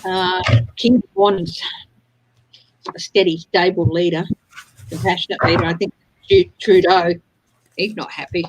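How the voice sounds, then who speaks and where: Chatty husky woman, tarot livestream host. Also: fairly low pitch, expressive, measured pace, long pauses, no echo, low-quality recording. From Australia. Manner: chatty, laughs often. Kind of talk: casual livestream chat.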